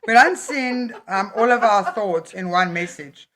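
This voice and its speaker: A woman's voice: mid-range voice, measured pace, fairly bright tone. A woman co-hosting a podcast in casual chat, playful and teasing, laughing often. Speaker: podcast co-host.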